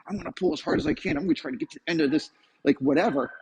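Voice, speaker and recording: A man teaching about dog training in casual speech. He acts out the dog's thoughts in quick voiced asides, and the recording is slightly distorted. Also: fairly high pitch. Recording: slightly distorted with faint noise.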